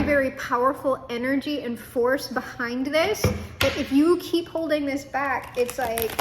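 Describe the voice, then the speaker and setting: Young woman, high voice, chatty tarot reader who swears freely, faint room hum behind her. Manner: chatty, swearing, laughing asides. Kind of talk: casual tarot reading to camera.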